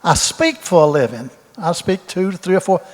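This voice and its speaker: Speaking at normal speed, a high-pitched man with big swings in pitch tells homespun, rambling stories at a Q&A. He's a retired football coach in his eighties who repeats his words, and the audio has roomy hall reverb.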